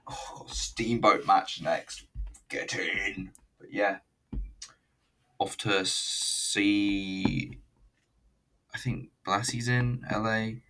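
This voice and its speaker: A man's voice: lowish voice, steady tone, very slow, long pauses, a bit bright, far from the mic, a little hiss or hum. A man casually reviewing an old wrestling event, rambling, swearing and joking as he watches. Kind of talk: casual video commentary.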